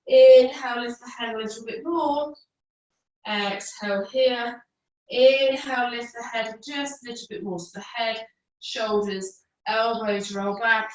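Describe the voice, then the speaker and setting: A woman yoga teacher with a voice on the high side guides a class, cueing each movement to the breath with counts and offering easier and harder options. Her manner is calm, though she is out of breath at times. The audio is dull and echoey, picked up by a distant mic.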